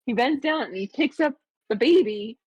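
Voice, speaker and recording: Woman stream co-host, casual and chatty, bright higher register, dead-dry close mic. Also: animated, normal speed, husky, dry recording. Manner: chatty, laughing often, trailing off.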